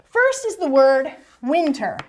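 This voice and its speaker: A woman's voice: high voice, takes it slowly. A woman teaching a class on spelling and syllable rules, encouraging and asking questions she answers herself. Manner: lively, encouraging, asks and answers her own questions.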